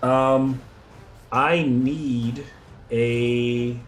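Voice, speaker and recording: A man running a tabletop game as game master, laid-back and hesitant, filling pauses with "um" and "like". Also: mid-range voice, steady tone, faint music behind. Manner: laid-back, hesitant, many fillers, laughs often.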